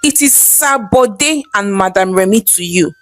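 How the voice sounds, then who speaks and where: A woman plays a wealthy Nigerian madam who gives orders calmly. Her voice sits at a middling pitch. The storybook sound is close and dry, with faint music under it. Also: measured pace, no room sound, close to an everyday voice. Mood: cool. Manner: cool and commanding. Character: wealthy composed wife, haughty boss.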